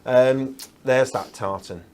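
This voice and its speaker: Man, craft shopping presenter, chatty, upbeat, medium pitch. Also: slow, a little hiss or hum. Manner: chatty, upbeat, frequent fillers and laughs. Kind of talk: enthusiastic product demonstration.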